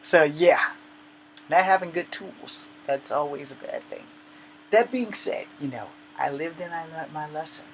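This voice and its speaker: A man vlogging in a rambling, joking monologue, with sudden loud bursts between quieter asides. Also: on the high side, measured pace, a little hiss or hum, poor audio. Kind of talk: casual monologue.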